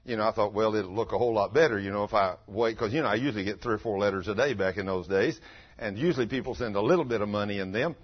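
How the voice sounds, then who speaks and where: Older preacher guy telling stories, husky voice, kinda dull lo-fi recording. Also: on the low side, fast. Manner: homespun, animated, breaks into loud acted quotes. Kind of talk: folksy sermon with storytelling. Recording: dull lo-fi sound.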